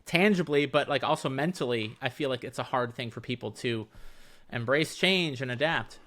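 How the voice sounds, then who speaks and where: Bright-voiced man hosting an interview. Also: medium pitch, moderate pace. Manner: eager, probing questions with lots of "like". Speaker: podcast host. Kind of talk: casual podcast interview.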